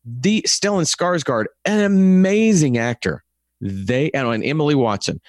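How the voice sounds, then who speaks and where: A man with a Texan accent co-hosting a review podcast, talking in an animated, opinionated way and acting out little quotes. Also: on the high side, a little slow, dry recording, studio quality. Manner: animated, rants with acted quotes. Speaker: podcast co-host. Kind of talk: casual review chat.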